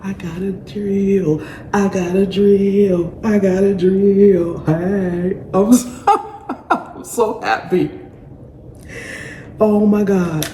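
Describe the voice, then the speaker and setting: A woman's voice: mid-range voice, fairly even intonation, extremely slow, long pauses, dark tone, slight background noise. A middle-aged woman hosting a gardening channel, gushing and laughing through an unboxing, calling her viewers y'all. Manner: exclamatory, laughing, repeats phrases, addresses viewers as y'all. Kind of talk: excited unboxing vlog. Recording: echoey room with clatter.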